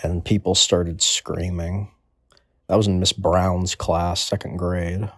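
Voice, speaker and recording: A man's voice: sits low, flat delivery, takes it slowly, breathy edge, dry recording, clean studio sound. A man in his twenties delivering a crude comedic monologue in a rambling, offhand way. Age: 20s. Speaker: comedic storyteller.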